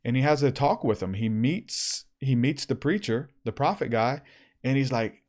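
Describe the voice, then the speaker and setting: A man hosting a podcast, telling a story in a casual, animated way with plenty of fillers. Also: medium pitch, normal speed. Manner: animated, acts out quotes, many fillers. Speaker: podcast host.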